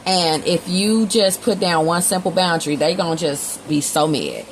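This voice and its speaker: A woman's voice: on the low side, big pitch swings, normal speed, slight background noise, poor audio. A woman giving a casual tarot reading, talking bluntly with slang and swearing. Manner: blunt, slangy, swears freely, acts out both sides in quotes. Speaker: tarot reader.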